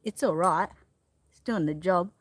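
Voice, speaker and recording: Chatty Australian woman, slightly low voice. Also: measured pace. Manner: chatty and relaxed, greeting viewers by name, sprinkling in mild swearing. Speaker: livestream host. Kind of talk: casual live-stream chat with viewers. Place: outdoors in a backyard. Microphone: phone propped on a ladder a little way off.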